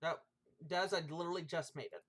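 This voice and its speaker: A woman playing a tabletop game in casual chat, quick and matter-of-fact, a little impatient. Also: lowish voice. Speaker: player.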